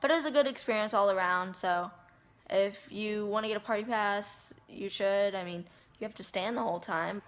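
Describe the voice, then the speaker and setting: A woman's voice: medium pitch, normal speed. A woman vlogger chatting casually to the camera, retelling what people said with lots of "like" and "I said.".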